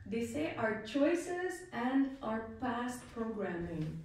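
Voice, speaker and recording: A woman's voice: a little high, big pitch swings, takes it slowly. Chatty woman leading a group talk, echoey. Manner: chatty, laughs often, asks the audience questions. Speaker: spiritual talk leader. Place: lounge room with a small audience. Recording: echoey room, voice from far off.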